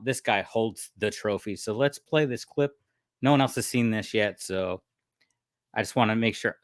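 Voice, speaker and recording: A man's voice: mid-range voice, fairly bright tone, dry recording, clean studio sound. A man co-hosting a casual podcast, telling a story animatedly and laughing often. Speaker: podcast co-host.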